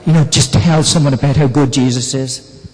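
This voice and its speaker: A man's voice: medium pitch, steady tone, moderate pace, a little mellow. A man preaching a sermon in a conversational way, often asking the congregation questions. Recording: long reverb in a church hall.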